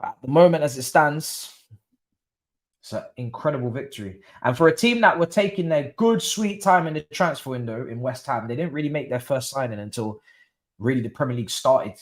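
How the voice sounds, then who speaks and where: A man's voice: medium pitch, expressive, brisk. A young man, commentating casually on a live football watchalong and chatting to his viewers in slang. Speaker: watchalong streamer.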